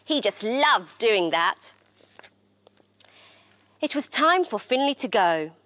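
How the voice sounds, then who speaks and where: A woman children's TV presenter reads a storybook aloud in an expressive, animated way. Her delivery is slow and lively, rising and falling a lot. The sound is close and dry. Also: on the high side, dry recording.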